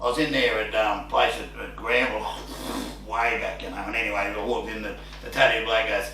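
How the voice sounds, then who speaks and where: A man with an Australian accent hosting a casual chat interview, telling animated stories with plenty of swearing. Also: lowish voice, fairly quick, hardly any pauses. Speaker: podcast host. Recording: roomy echo, mic at a distance, faint hum.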